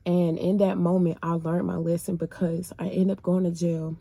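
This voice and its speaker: A woman's voice: on the low side, little pitch movement, normal speed, vocal fry, hardly any pauses, dark tone, slightly rough, no echo. A woman sharing her personal faith testimony in casual, emotional storytelling, speaking straight to her viewers in a colloquial way.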